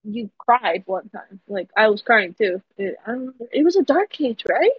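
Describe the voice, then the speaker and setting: A young woman chats casually as a podcast co-host, often stumbling and trailing off into giggles. Her voice is breathy and husky and sits fairly high. It comes through dry and dull, from a lo-fi mic with little room sound. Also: sing-song, normal speed, dry recording. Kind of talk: casual chat.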